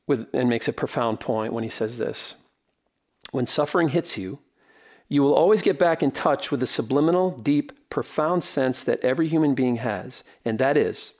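A middle-aged man preaching a sermon as pastor, earnest and rhythmic, often dropping to a soft, quiet delivery. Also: medium pitch.

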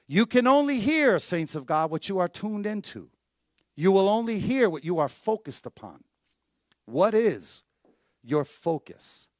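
A man preaching a sermon as pastor, telling stories with lively acted-out voices and dropping to a hushed tone for emphasis. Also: sits high, dry recording, studio quality. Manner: animated storytelling preacher, acts out voices in anecdotes.

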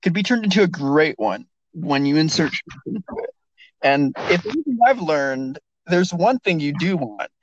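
A man chats in a relaxed, joking way, his pitch swinging widely as he speaks. The audio is dry and dull, like a lo-fi call recording. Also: moderate pace, no room sound. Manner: joking, laid-back. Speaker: podcast host. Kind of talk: casual chat.

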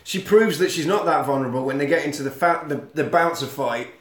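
A man with a slightly high voice recapping a film plot for a podcast. He tells it like a running joke, lively and casual. The room gives a noticeable echo. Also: fast. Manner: storytelling, breaks into silly voices. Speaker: podcast co-host. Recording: roomy echo.

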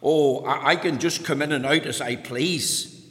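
A polite old wise man stammers through his apologies, as a man storyteller puts him on. His voice is bright and fairly high, and it echoes with a long hall reverb. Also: unhurried. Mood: meek. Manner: hesitant, stammering, overly polite.

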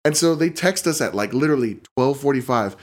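A young man co-hosting a podcast, telling a story in an animated, profane way and laughing often. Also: medium pitch, a little fast. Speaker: podcast co-host. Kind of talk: casual storytelling chat.

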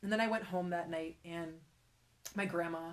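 A young woman with a slightly low voice tells a personal story in an unscripted interview. She speaks in halting bursts full of fillers and often sinks to a near whisper. Her delivery is heartfelt and conversational. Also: steady tone. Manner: emotional, halting, many fillers, drops to a whisper. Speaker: guest sharing her faith story.

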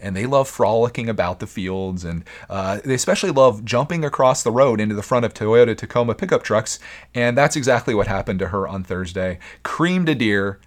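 Lower-voiced man hosting a rambling podcast. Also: fairly quick. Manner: rambling, earnest, frequent restarts. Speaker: podcast host. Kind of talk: casual solo podcast talk.

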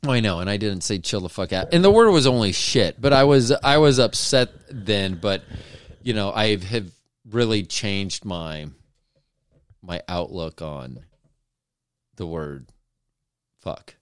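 A man's voice: on the low side, lively intonation, measured pace, long pauses, clean tone, dry recording. A middle-aged man co-hosting a podcast, chatting casually in a teasing, joking, swearing manner. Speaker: podcast co-host. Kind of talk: casual chat.

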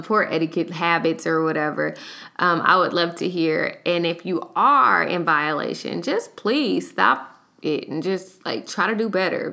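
A woman's voice: on the low side, creaky, sharp tone. A young adult woman vlogging in a casual, chatty way, retelling stories with slangy asides. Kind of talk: casual storytime vlog.

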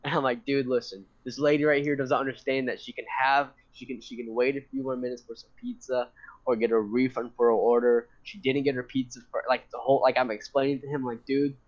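A young man tells a long, winding story in relaxed conversation. He rambles, swears, laughs and gets animated, at a middle pitch. The sound is slightly dull and lo-fi. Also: a little fast. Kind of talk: casual storytelling.

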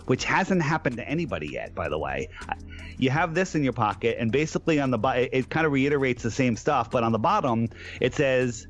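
A man's voice: mid-range voice, sing-song, fairly quick, dull audio, soft background music. A man telling an anecdote on a talk show, acting out the people in his story. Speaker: guest.

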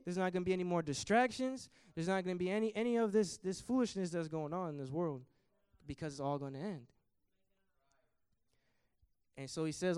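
A young man preaches to a youth service with fervent energy, his voice pitched high and ringing clear. His delivery surges in volume whenever he quotes scripture. The sound is close and dry, with little room echo. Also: darkish tone. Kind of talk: sermon. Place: church.

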